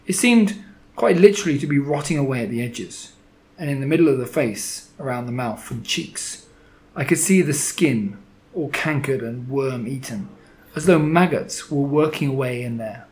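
A man narrating a children's story, with a dramatic, expressive delivery. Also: medium pitch, moderate pace, slight background noise. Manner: dramatic, expressive reading with shifting loudness.

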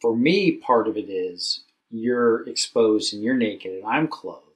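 A man co-hosting a candid conversation, speaking earnestly and haltingly, often restarting his words. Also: fairly low pitch, expressive. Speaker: podcast co-host. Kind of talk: candid casual chat.

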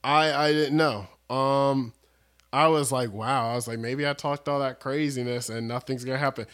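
A man's voice: mid-range voice, fairly even intonation, moderate pace, fairly bright tone. Joking, rambling young man on a podcast. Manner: rambling, joking, restarts stories. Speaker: podcast co-host. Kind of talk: casual chat.

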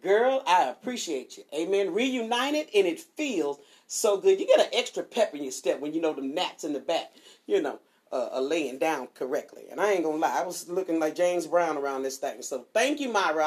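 A woman hosting a streaming devotional show, chatting casually and giving shout-outs before a Bible reading. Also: lowish voice. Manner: animated and chatty, swoops up on exclamations.

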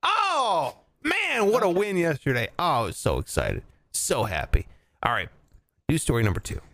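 A man co-hosting a casual chat, animated and prone to loud excited shouts. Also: mid-range voice, brisk. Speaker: podcast co-host.

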